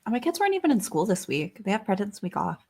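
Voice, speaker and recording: A woman's voice: sing-song, very fast, mellow, slightly rough. A woman co-hosting a podcast, chatting casually and giggling often. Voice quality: high-pitched. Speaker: podcast co-host. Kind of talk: casual chat. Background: kids' bedtime evening chat over drinks.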